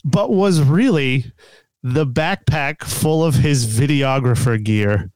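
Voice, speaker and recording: A man's voice: mid-range voice, animated, slow pace, a little mellow, dry recording. A man co-hosting a casual podcast chat, rambling through stories with lots of fillers and laughs. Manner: rambling storyteller, filler-heavy, laughs often. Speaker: podcast co-host.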